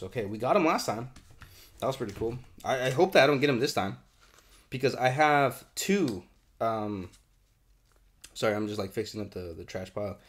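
A young man hosting a card unboxing, chatting casually with lots of swearing and bursts of excitement, congested and sniffly. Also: mid-range voice. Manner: profane, excitable, rambling. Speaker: card unboxing channel host.

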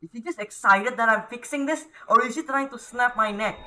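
A man doing horror let's-play commentary, jumpy, yelling and pleading at the ghost on screen. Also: very high-pitched, brisk, slight background noise. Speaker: gaming YouTuber.

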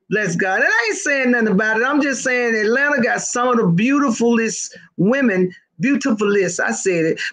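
A woman hosting a casual live stream, gossiping, laughing often and calling out to her viewers. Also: medium pitch.

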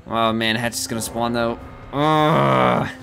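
A man giving live commentary on his own gameplay, excitable and talking to himself as he plays. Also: fairly low pitch, moderate pace. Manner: excitable, talks to himself while playing. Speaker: gaming streamer. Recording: game music loud behind.

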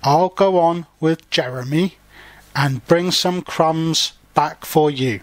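A gentle aunt mouse who calmly offers to go on ahead, read by a man. Her lines come slowly and softly, in a close, dry recording. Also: on the high side, no echo. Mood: reassuring. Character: kindly female mouse aunt, steady and helpful.

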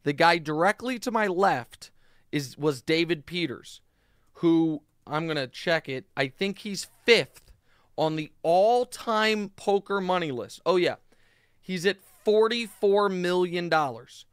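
Male podcast host, animated talker, fairly high and clean voice, casual monologue. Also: takes it slowly, clean tone, no room sound, studio quality. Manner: animated, talkative storytelling with frequent fillers.

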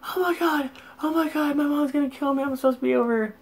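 A man mimicking a panicking young woman driver who repeats herself in a high, breathless voice. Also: fast. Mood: panicked.

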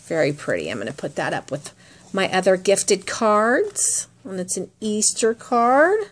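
A woman's voice: medium pitch, big pitch swings, unhurried. A woman crafting vlogger chatting casually as she shows off handmade gifts, gushing and admiring as she goes. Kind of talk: casual unboxing chat.

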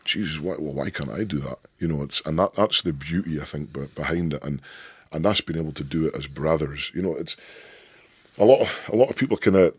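A Scottish man in his thirties with a deep voice, a guest telling stories in a rambling, sweary, emphatic way. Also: brisk, breathy edge, dry recording. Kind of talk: casual interview chat.

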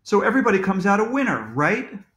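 A mild-mannered school principal, as a man puts him on, gentle and reasonable with a sheepish edge. His voice is fairly high and lively. It is heard in a roomy space. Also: fast talker. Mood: reasoning. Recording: roomy echo.

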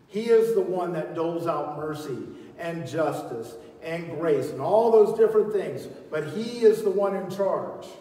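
A man preaching a sermon as pastor, swinging from loud calls to quiet teaching and leading his congregation in call-and-response. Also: a little high. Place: large church hall. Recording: echoey hall, voice from far off.

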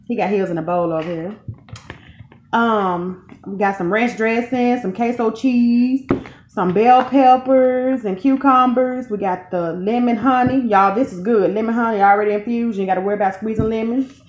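This woman in her thirties, a mother and channel host, chats folksily straight to her viewers during a casual mukbang, repeatedly saying "y'all." Her pitch is fairly high and a little mellow, with fairly even intonation and a moderate pace. There's slight background noise, and the sound is dull and lo-fi with room echo.

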